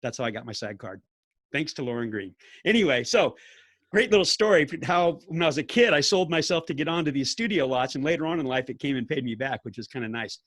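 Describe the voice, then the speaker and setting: An older man, a podcast guest telling stories in an animated way, laughing and acting out what people said. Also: mid-range voice, quick pace, no echo. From California. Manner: animated storyteller, laughs often, acts out quotes. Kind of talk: casual storytelling interview.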